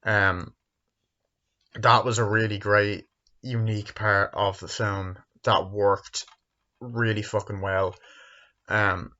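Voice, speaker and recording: A man's voice: on the low side, level tone, sharp tone, dull audio. A man giving a casual spoken movie review, rambling and swearing freely. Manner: rambling, profane, acts out scenes in quick put-on voices.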